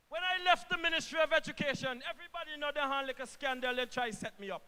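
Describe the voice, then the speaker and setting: A man with an Antiguan accent, a government minister giving an impassioned political rally speech, repeating lines for emphasis and swinging from hushed to shouting. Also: very high-pitched, fast, hardly any pauses, big-room sound. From Antigua and Barbuda.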